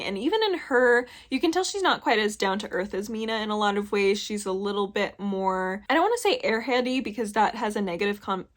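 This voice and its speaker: Chatty young woman rambling about a book. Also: medium pitch. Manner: rambling, frequent "like" fillers, frank. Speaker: book reviewer. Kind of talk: casual book review chat.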